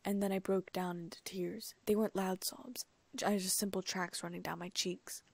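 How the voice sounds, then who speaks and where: A woman narrating a first-person story as an audiobook reader, in an even storytelling manner with hushed asides. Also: mid-range voice, moderate pace, vocal fry, no room sound. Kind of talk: first-person fan fiction reading.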